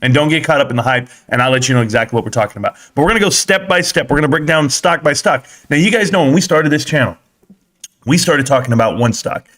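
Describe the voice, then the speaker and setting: A man's voice: on the high side, fast. Chatty man hosting a stock live stream. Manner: chatty, rambling, joking with his chat; gives shout-outs to viewers. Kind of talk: casual live stream chat.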